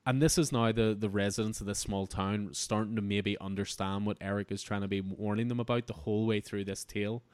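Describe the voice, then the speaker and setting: A man's voice: fairly low pitch, steady tone, brisk, few pauses, darkish tone, smooth, no echo. A man hosting a comic book podcast, talking through an issue in an enthusiastic, rambling way with frequent restarts. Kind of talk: casual review chat.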